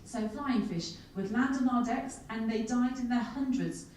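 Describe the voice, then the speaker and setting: A woman in her thirties tells self-mocking adventure stories to a conference audience. Her voice is mellow and warm. It reaches a distant mic in a large, echoey hall, with faint noise behind. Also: on the high side, moderate pace. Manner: lively, self-mocking storyteller with comic asides. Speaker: keynote speaker. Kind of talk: humorous keynote storytelling.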